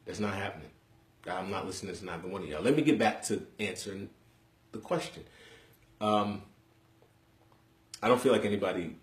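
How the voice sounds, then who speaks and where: A young New man with a very low, deep voice hosts a casual live stream from home, bantering bluntly with viewers. He talks in animated slang. The room around him sounds echoey. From Harlem, New York City. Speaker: host of a live webcast.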